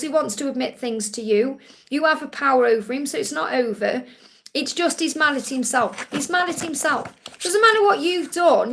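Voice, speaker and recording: This high, light-voiced woman, a bit bright in tone, runs a live-stream Q&A where she gives spiritual readings. She reassures viewers, repeats herself on key points, and addresses everyone as honey.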